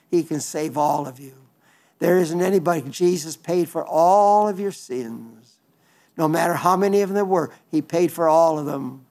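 A man's voice: a little high, a little mellow. An older man preaching an earnest, folksy sermon, pleading with his listeners, often restarting his words.

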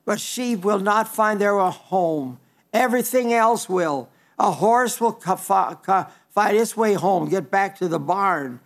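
Brief: older male preacher, light high voice, homespun sermon delivery, frequent stumbles and restarts. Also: animated, slow. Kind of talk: folksy sermon.

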